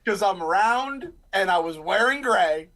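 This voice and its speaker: Animated rambling man, higher voice. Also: a little slow. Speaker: podcast co-host. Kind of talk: casual live stream chat.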